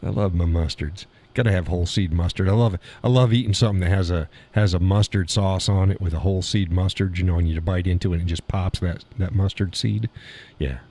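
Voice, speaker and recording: Scornful low-voiced man streaming. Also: fairly even intonation, a little fast, a little mellow. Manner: blunt, scornful, laughs often. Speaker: live stream host. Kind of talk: casual political commentary reading chat.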